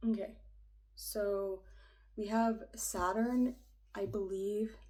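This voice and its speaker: Young woman muttering thru an astrology chart, lots of likes and ums, soft warm voice, whispers sometimes. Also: mid-range voice, steady tone, slow pace, rough recording. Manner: rambling, hesitant, easily frustrated, often drops to a whisper. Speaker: astrology reader. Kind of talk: casual astrology vlog, thinking aloud.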